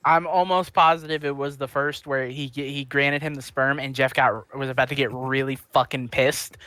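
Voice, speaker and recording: Bright-voiced laughing podcast guy. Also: medium pitch, fairly even intonation, no room sound. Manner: laughing, chiming in with quick recollections. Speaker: podcast co-host. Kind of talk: casual chat.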